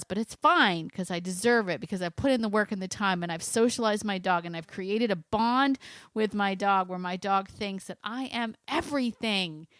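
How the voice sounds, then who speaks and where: A woman hosting a dog-training show, talking with animated, coaxing enthusiasm and acting out little imagined dialogues. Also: mid-range voice, moderate pace, no echo, clean studio sound. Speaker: dog trainer podcast host. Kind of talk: enthusiastic solo talk.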